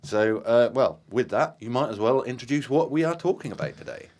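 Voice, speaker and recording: A man's voice: medium pitch, expressive, brisk, darkish tone. A man hosting a podcast, chatting casually, giggling and fumbling his words. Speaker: podcast host. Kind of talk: casual chat.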